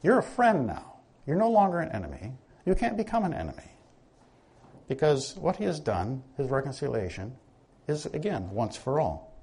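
A man preaching a sermon, talking it through like a teacher and turning questions back on his listeners. His voice is slightly husky, and his pitch swings up and down with a lot of movement. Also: darkish tone.

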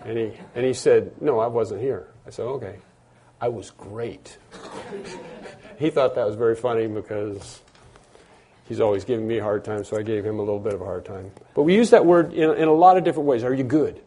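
Earnest preaching man with a warm voice. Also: fairly low pitch, fast. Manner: earnest, repeats and restarts for emphasis. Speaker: pastor. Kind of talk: sermon.

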